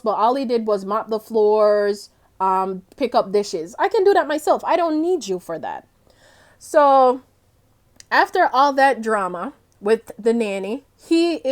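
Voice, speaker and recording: A young woman talks through her game session in a loose, chatty way. Her voice sits a little high, and she rambles, laughs often and drifts off her point. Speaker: gaming vlogger. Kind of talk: casual gameplay commentary.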